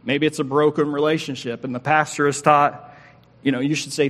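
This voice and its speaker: A man in his forties, a pastor delivering an earnest sermon with emphatic, slowly paced pauses. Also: a little high, flat delivery, a bit bright. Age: 40s. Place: church sanctuary. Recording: long hall reverb.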